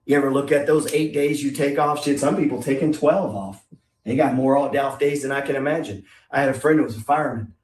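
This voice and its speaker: A man's voice: medium pitch, a little fast, a little mellow, slight background noise. A middle-aged man giving a blunt, profane motivational talk on investing, full of rhetorical questions. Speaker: investing coach. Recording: echoey room, distant from mic.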